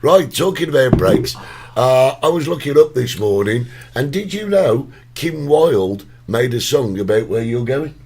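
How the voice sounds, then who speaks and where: A man's voice: medium pitch, animated, a little slow, darkish tone, a little hiss or hum. A man hosting a casual talk show, reading out greetings to viewers and playing along with his co-host's banter. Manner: easygoing, plays along with the banter.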